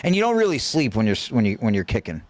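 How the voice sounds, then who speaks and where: A man's voice: medium pitch, huge pitch swings, quick pace. A man tells his story as a podcast guest in a middle-range voice, rambling and swearing. He often restarts and repeats words. The sound is dry, with no room echo. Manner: rambling, profane, many restarts and stammered repeats. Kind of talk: casual storytelling in a podcast interview.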